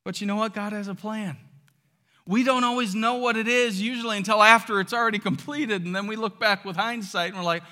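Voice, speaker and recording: A man preaching a sermon as pastor, animated and acting out quotes with loud outbursts. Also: sits high, a little fast. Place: church sanctuary. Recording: long hall reverb.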